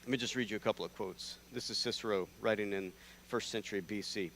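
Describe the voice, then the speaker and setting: A man from North Carolina, preaching a conversational sermon in a church, lively and prone to restarting his sentences. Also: lowish voice, quick pace. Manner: animated, conversational, with repeated restarts.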